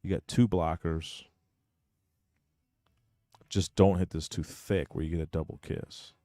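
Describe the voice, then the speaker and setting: Low-voiced guy doing pool commentary, talks through the shot, dry close sound. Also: fairly even intonation, measured pace, mellow, no echo. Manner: blunt, opinionated, explains shots step by step. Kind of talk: live sports commentary.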